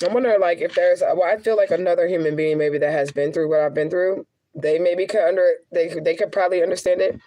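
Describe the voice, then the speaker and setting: A woman's voice: lowish voice, fast, mellow. A young adult woman, a spiritual reader, venting candidly on a livestream, cursing freely and laughing often.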